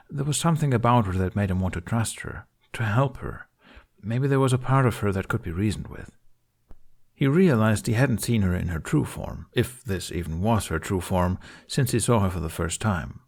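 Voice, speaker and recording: Low-voiced man reading a story. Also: darkish tone. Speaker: fan fiction reader. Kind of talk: scripted narration.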